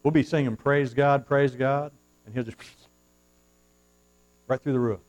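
Speaking unhurriedly in a steady, mid-range voice, a male pastor preaches at a church pulpit, the recording muffled. He alternates soft asides with loud, impassioned swells and reads scripture in old-fashioned formal language.

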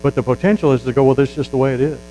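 A man preaching a sermon as a Baptist pastor, folksy and emphatic, building to loud fervor. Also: medium pitch, fairly even intonation, racing, slight background noise, poor audio.

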